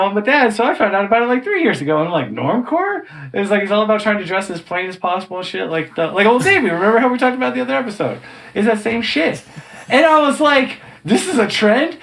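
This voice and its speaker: A man hosting a podcast, riffing in casual, excitable chat with a lot of swearing. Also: high-pitched, quick pace. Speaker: podcast host.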